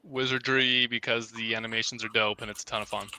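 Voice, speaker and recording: Guest, man, very bright and crisp voice, dry close sound, casual and keen. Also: medium pitch, flat delivery, no room sound. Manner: casual, quick, enthusiastic. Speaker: game marketing guest. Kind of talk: podcast interview answers.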